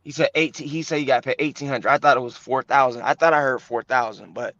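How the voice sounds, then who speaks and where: A man's voice: mid-range voice, fairly even intonation, fast, a bit bright, dry recording. Profane confrontational man on a call. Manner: confrontational, profane, repeats himself. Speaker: live stream guest. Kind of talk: heated live stream argument. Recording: dull lo-fi dry call audio.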